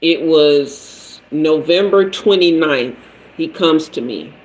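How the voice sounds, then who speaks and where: A man's voice: a little high, slow, a little mellow, poor audio. A man hosting a livestream, telling a personal story and answering viewers by name. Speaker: livestream host, tarot reader.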